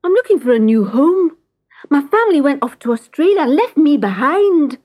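A woman's voice: sits high, sing-song, moderate pace, darkish tone, pitched above the performer's own voice. A woman voicing a tired, shy little male cat with a Scottish accent in a storybook reading. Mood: earnest.

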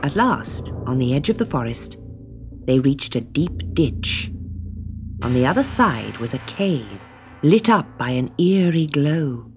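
A woman narrating a children's story slowly and expressively. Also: rumbling low, very animated. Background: background music.

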